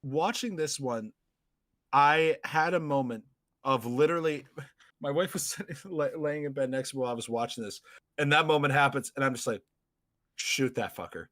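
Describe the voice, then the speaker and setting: A man hosting a casual podcast chat, excitable and quick to laugh. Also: on the high side, no echo. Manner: excitable, laughs often, shouts quoted lines. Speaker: podcast host.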